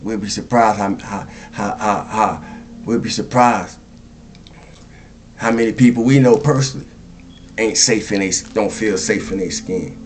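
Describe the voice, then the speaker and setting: A man's voice: lowish voice, a little slow, pauses often. Preacherly man with repetitive cadence. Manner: repetitive, preacherly, chuckles often, asks "you see?". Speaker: spiritual speaker. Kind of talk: spoken spiritual monologue.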